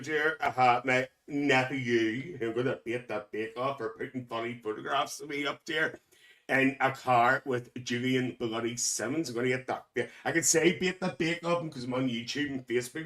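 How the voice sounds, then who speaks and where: A man's voice: mid-range voice, moderate pace, fairly bright tone, distant mic, voice pushed down, natural voice. A man playing a cheeky, gossipy older auntie, hosting a live stream and calling everyone dear. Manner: gossipy, calls everyone dear, laughs often. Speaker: livestream host. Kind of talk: live stream chat in character.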